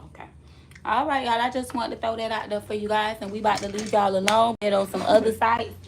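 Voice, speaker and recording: A woman's voice: mid-range voice, fast talker, background noise. A woman loc stylist, chatting casually and teasingly to her viewers in a salon vlog. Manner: chatty, animated, teasing, laughs often. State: recovering from a choking fit.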